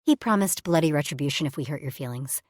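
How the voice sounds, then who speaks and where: A woman's voice: low voice, animated, fast talker, no echo, clean studio sound. A woman voicing a laid-back man friend who mutters wry remarks in an audiobook.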